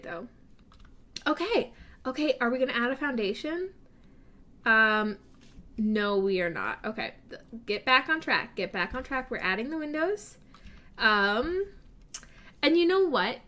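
A young woman chats through a timed building game in a casual, self-mocking way, laughing at her own mistakes. Her voice sits a little high, and she talks slowly and drawn-out, often trailing off in nervous asides. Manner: self-deprecating, nervous, giggly. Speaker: gaming YouTuber. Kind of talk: casual commentary while building. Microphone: desk mic with face cam.

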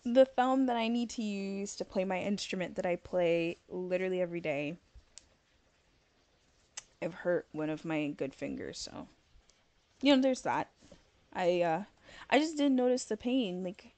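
A woman's voice: fairly low pitch, expressive, unhurried, pauses often, a little mellow, no echo. A woman streaming a video game live, chatting casually and rambling with lots of "like", tired and yawning late at night. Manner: chatty and rambling, many fillers of "like". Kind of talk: casual chat while gaming live.

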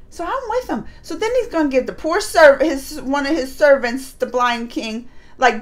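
A woman's voice: high voice, a little fast. A woman hosting a reaction channel, casually retelling episodes and acting out the characters' lines. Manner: animated, acts out characters' lines while retelling.

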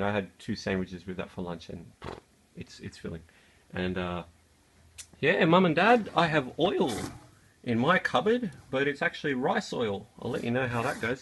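In a relaxed cooking vlog filmed in a tiny kitchen, a young Aussie man rambles with lots of slang and fillers. He has a medium-pitched, fairly bright voice, with a slight hiss or hum in the recording.

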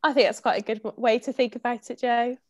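A woman with a fairly high voice moderates a panel, warmly encouraging and affirming each speaker before handing over. She speaks over a video call. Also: fairly even intonation, fast. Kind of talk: panel discussion.

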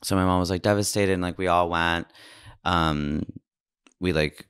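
A young man with a very deep, smooth voice chats casually on a podcast. He rambles, circling back through his story with plenty of filler words. His voice sounds dry and close to the mic. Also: fairly even intonation, moderate pace, a bit bright, dry recording.

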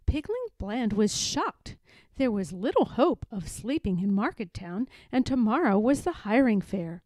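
A woman reading a children's story aloud with expressive, lively storytelling. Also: fairly high pitch, measured pace, no room sound.

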